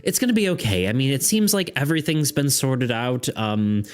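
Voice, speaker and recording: A man voicing a gentle, motherly female demon healer who speaks softly and soothingly. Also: mid-range voice, sing-song, normal speed, clear, resonant tone, lightly acted. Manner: soft, soothing, calls listener sweetie.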